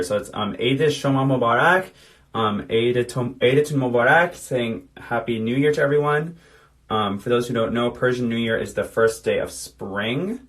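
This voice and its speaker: A man's voice: on the low side, fairly bright tone. A man in his thirties chatting casually on a phone livestream, reading out viewer comments while doing his makeup. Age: 30s. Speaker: drag performer.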